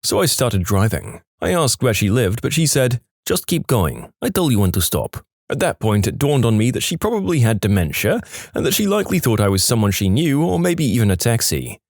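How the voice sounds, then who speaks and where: A man narrating online stories in a wry, animated, scripted way. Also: medium pitch, fairly quick, no room sound, studio quality. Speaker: story narrator.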